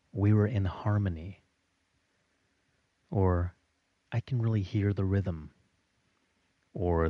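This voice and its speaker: A man giving a recorded audio lesson in a slow, steady instructional delivery. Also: low voice, dry recording, highs cut off.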